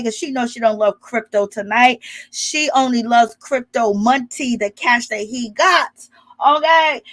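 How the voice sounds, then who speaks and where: A woman's voice: on the high side, a bit bright. Sassy chatty woman recapping reality TV. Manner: sassy, chatty, peppers lines with "okay?" and "child"; laughs often. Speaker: reality show recap host. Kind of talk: casual recap commentary.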